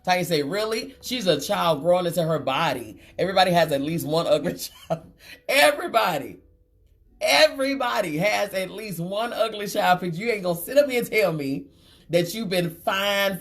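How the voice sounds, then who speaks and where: A woman, hosting a live chat show and reading out viewer comments with sass and frequent laughter. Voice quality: deep voice. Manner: sassy and animated, laughing often. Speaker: talk show host.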